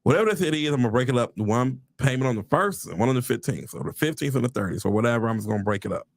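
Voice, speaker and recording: Animated gravelly man livestreaming. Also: mid-range voice, racing, dry recording, studio quality. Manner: animated, preacher-like exclamations, addresses viewers as y'all. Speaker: realtor livestreaming to followers. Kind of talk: casual livestream chat.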